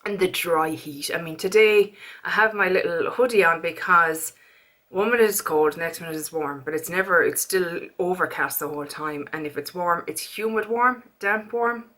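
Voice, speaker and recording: A woman with an Irish accent chatting in a casual beauty haul vlog, animated and quick to go off on a rant. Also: lowish voice. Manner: chatty, animated, prone to rants. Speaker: beauty vlogger.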